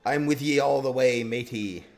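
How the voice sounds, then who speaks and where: A man voicing an eager pirate brigand, reading game dialogue aloud in a drawn-out, hearty pirate drawl. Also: mid-range voice, a little mellow, natural voice.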